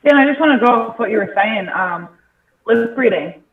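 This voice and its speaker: Woman coach, high voice, passionate and earnest, thin phone-like sound, echoey. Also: expressive, moderate pace, far from the mic. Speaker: women's sports coach. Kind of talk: guest commentary. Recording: tinny phone-like line, echoey.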